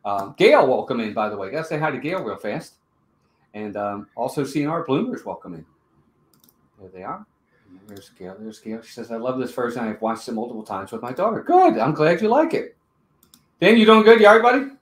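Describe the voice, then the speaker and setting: A man's voice: mid-range voice, big pitch swings, a little fast, echoey room. Chatty man reviewing a movie. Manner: chatty, greets viewers in chat. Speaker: podcast co-host. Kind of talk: live-stream movie review chat.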